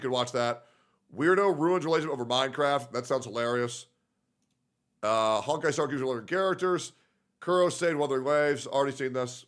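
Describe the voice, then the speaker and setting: A man's voice: medium pitch, fairly bright tone. A young man streaming in casual commentary, reacting to posts in a profane, filler-heavy, muttering way.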